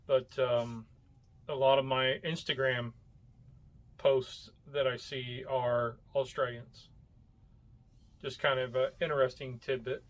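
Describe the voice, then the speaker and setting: A man's voice: mid-range voice, little pitch movement, slow, long pauses. A man co-hosting a casual podcast chat, rambling and searching for words with lots of fillers. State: coughing from hot coffee. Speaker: podcast co-host.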